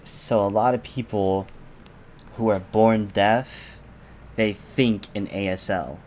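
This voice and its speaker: A man's voice: fairly low pitch, fairly even intonation, slow, a little mellow, a little hiss or hum. A young man, co-hosting a podcast, chatting in an easygoing way and explaining things with filler words. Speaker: podcast co-host. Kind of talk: casual podcast chat.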